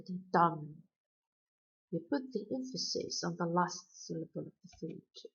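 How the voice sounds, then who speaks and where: A woman lecturer explaining poetic meter in a slow, deliberate way, chanting out stress patterns. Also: mid-range voice. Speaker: university lecturer. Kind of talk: recorded poetry lecture. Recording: dull lo-fi recording.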